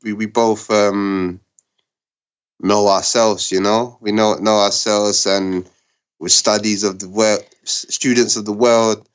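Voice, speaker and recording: A man who co-owns a restaurant, answering interview questions in an earnest, halting way with many restarts. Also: fairly low pitch, level tone, clear, resonant tone, dull audio. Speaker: restaurant co-owner, guest.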